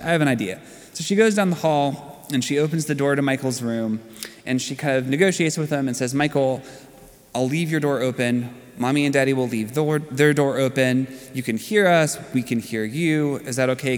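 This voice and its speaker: A man in his thirties preaching a sermon as pastor, earnest and conversational, telling stories to make his points. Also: medium pitch. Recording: long hall reverb.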